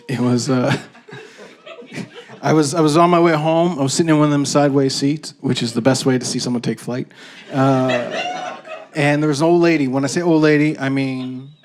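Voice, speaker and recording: Male stand-up comic, slightly high voice, animated storyteller, live stage set. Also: noisy background. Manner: animated storytelling with shouted bits and voiced characters. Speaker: stand-up comedian. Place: comedy stage before a laughing audience.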